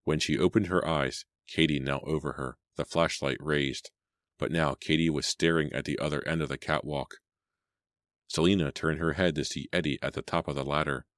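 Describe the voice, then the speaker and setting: A man narrating a suspense audiobook in a measured, suspenseful way. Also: very deep voice, steady tone, a bit bright, dry recording, clean studio sound. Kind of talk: dramatic audiobook reading.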